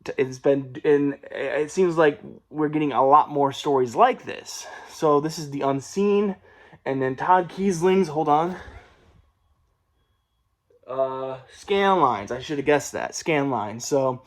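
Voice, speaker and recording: A man's voice: a little high, takes it slowly. A young man talking casually about his new books, rambling with many fillers and restarts, and a mild stutter. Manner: rambling, with fillers and self-corrections. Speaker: book vlogger.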